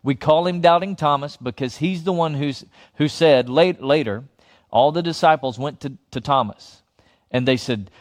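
Animated male pastor, higher voice. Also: moderate pace. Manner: animated, repetitive, chuckles between points. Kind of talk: sermon.

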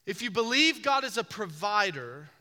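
A man delivers a sermon in a strikingly bright, high-pitched voice, pressing his points with repeated phrases and rising emphasis. His words ring out through a hall with a long reverberant tail. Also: sing-song, normal speed. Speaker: pastor.

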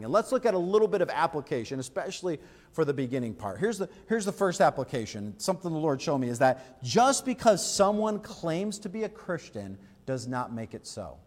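A male pastor preaching a conversational sermon, animated and full of rhetorical questions. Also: high voice, long reverb tail.

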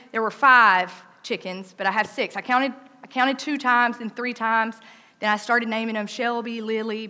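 A woman telling a personal story in a lively, conversational way, with frequent "um" and "like". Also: fairly high pitch.

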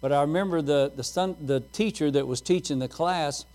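A man's voice: on the high side, moderate pace, a little mellow. A middle-aged man preaching a sermon, telling folksy stories and laughing at his own jokes.

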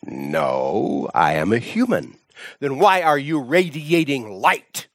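A preacher voicing a calm, steady prisoner who answers in a low voice. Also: male voice, slow, no room sound, studio quality, exaggerated voice.

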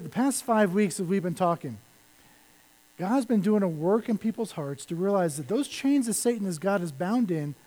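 A male pastor preaching a sermon, animated, with lines that fall to a hush. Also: high-pitched, poor audio. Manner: animated preaching that drops to soft, hushed lines.

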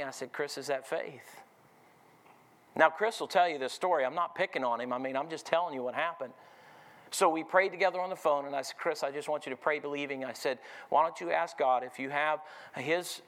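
A man's voice: on the high side, fairly bright tone. Preaching man, asking "amen?". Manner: storytelling with repeated "I said", calls of "amen?" to the congregation. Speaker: pastor. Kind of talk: sermon.

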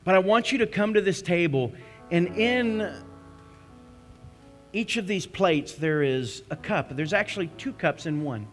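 High-voiced impassioned male pastor. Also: animated, a little slow, faint music behind. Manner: impassioned storytelling, rising to cries then hushing to prayer. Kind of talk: sermon.

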